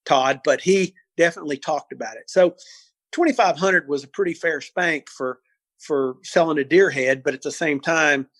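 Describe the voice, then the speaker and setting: Animated older man telling stories. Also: on the high side, normal speed, dry recording. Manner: animated, repeats words, acts out voices. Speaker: interview guest. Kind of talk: storytelling interview.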